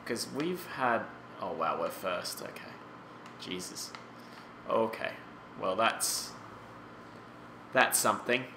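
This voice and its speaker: A man's voice: fairly low pitch, expressive, takes it slowly, pauses often, roomy sound, noisy background. A man in his late twenties giving casual, rambling commentary over a hockey video game and exclaiming at the results. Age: 20s. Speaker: gaming YouTuber.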